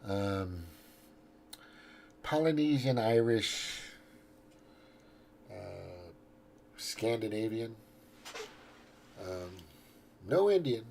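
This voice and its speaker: A man's voice: fairly low pitch, gravelly, a little mellow, slight background noise. A man hosting his own show, rambling through a profane casual political rant while scrolling and reading out his posts. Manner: frequent restarts and trailing off. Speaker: show host.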